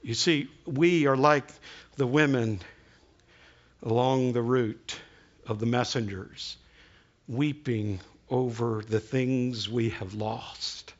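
A man preaching a sermon as a story, animated, slowing right down for dramatic retelling. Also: medium pitch. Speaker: pastor. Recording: dull lo-fi recording.

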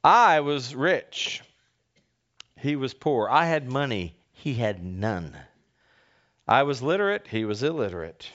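A middle-aged male pastor from North America, giving a folksy sermon with halting restarts and swings in pitch. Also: very animated, a bit bright. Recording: dull lo-fi sound.

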